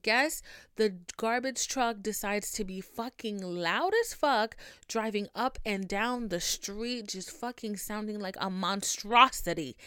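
A young woman hosting her own podcast, venting in a dramatic, profane, animated storytelling manner from her home setup. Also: medium pitch, clean tone, dry recording, studio quality. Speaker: podcast host. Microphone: podcast microphone.

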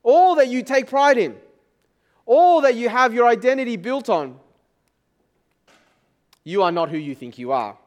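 A man's voice: very high voice, lively intonation, a little slow, pauses often. A male pastor giving a sermon in a conversational style, asking the congregation frequent rhetorical questions. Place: church service.

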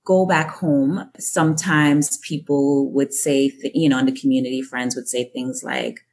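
A woman from Jamaica, a guest in an interview, telling personal stories in a thoughtful, measured way. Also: rumbling low, level tone, darkish tone. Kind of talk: reflective interview answer.

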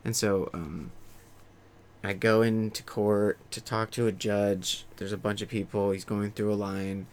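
Low-voiced man telling a rambling story. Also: little pitch movement, measured pace, darkish tone, clear, resonant tone. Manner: profane, self-mocking, rambling anecdote with acted-out quotes. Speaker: vlogger. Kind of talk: casual storytelling to camera.

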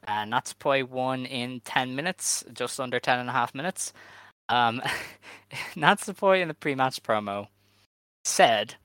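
A man hosting a podcast, recapping in relaxed casual chat. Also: medium pitch, dry recording. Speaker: podcast host.

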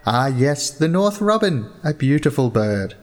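A man's voice: mid-range voice, very animated, measured pace, voice pushed up. A man voicing a timid, eager male townsman who speaks politely.

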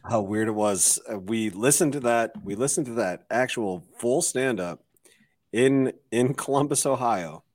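A man's voice: mid-range voice, measured pace. A man co-hosting a podcast in casual chat, bantering loosely and hesitantly. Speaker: podcast co-host.

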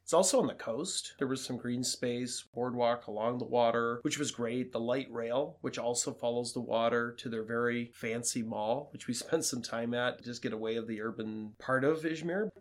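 A man's voice: mid-range voice, normal speed, few pauses. A young adult man co-hosting a travel podcast, recapping a stay in a plain, matter-of-fact way. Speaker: podcast co-host.

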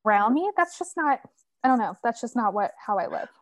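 Higher-voiced young woman, dry close sound. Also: a little fast, no room sound. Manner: relaxed and chatty, heavy use of "like". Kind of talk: casual chat.

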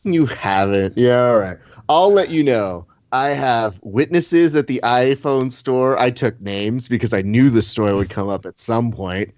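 A man in the middle of an animated story on a casual podcast, acting out what people said and swearing now and then. The sound is dry and close, with a slightly dull, muffled tone. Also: medium pitch, unhurried, few pauses, no echo. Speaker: podcast co-host. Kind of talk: casual chat.

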